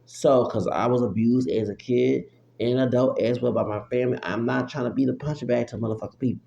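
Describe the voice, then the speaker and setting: Gravelly man ranting in a roomy space. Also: mid-range voice, steady tone, fairly quick, warm tone, dull audio. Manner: profane, repetitive, exclamatory. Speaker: vlogger. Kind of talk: unfiltered rant. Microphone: phone app recording. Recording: roomy echo with faint hum.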